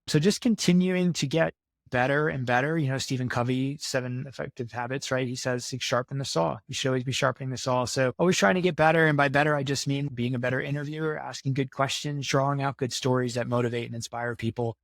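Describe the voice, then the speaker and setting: A man's voice: medium pitch, steady tone, quick pace, vocal fry, no room sound, clean studio sound. A man talking as a podcast guest in casual interview talk, earnest and motivational, repeating himself for emphasis.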